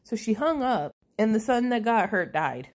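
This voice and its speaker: A woman's voice: on the high side, big pitch swings, normal speed. Sarcastic, profane woman recapping a movie.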